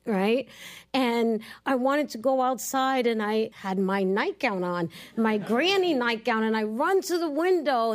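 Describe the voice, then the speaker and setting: Animated New woman storyteller. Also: on the high side. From New York City. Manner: animated storyteller, acts out quotes. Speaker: podcast host guest. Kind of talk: casual chat on a live show.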